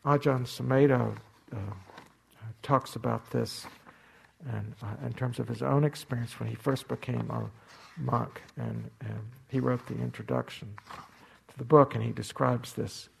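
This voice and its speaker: A man giving a dharma talk as a meditation teacher, unhurried and reflective, acting out inner voices with gentle humor. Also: medium pitch, fairly even intonation, vocal fry, slight background noise.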